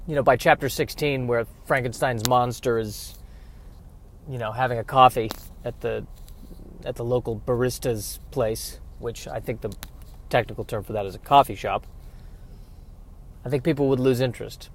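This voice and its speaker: An easygoing, self-accepting Frankenstein's monster, put on by a man, talking in a rambling, hesitant way full of little fillers. He sounds calm and ordinary rather than frightening. It was recorded in a car on the road. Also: mid-range voice, normal speed, pauses often, slight background noise, close to an everyday voice. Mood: laid-back, earnest. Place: in a car while driving.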